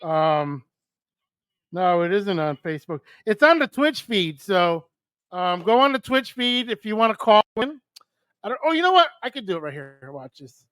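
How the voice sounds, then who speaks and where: A man's voice: high voice, big pitch swings, moderate pace, a bit bright, clear, resonant tone, no room sound. An older man from New hosting a live radio stream, chatting loosely and cursing with a friend. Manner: loose, profane, joking. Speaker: radio show host. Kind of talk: casual live-stream chat.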